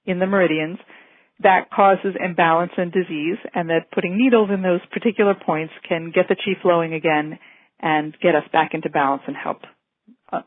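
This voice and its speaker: Female physician, lecture delivery, calm and explanatory; dry, phone-band audio. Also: on the low side, no room sound, narrow, tinny audio. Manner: calm, explanatory, gently reassuring. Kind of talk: medical lecture.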